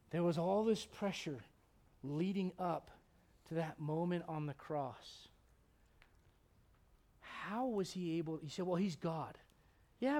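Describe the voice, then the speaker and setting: A man preaching a sermon as pastor, swinging from hushed passages to loud, near-shouting ones and firing off rapid rhetorical questions. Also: a little high.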